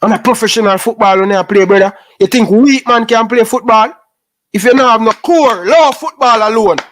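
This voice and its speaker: A Jamaican man delivers an impassioned, preachy rant in patois, scolding young footballers and repeating his points. His voice is extremely high-pitched, fairly bright, and brisk.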